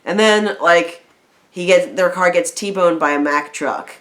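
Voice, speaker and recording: Woman, casual film-review chat at home, rambling and lively with restarts. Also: fairly low pitch, measured pace. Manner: rambling, animated rants with restarts. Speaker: video reviewer. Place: home room with a film playing on the TV.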